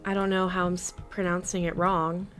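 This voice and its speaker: A woman's voice: on the low side, level tone, brisk, a bit bright, soft background music. A woman in her twenties chatting casually on a live gaming stream, reading chat aloud and talking to her cat. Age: 20s.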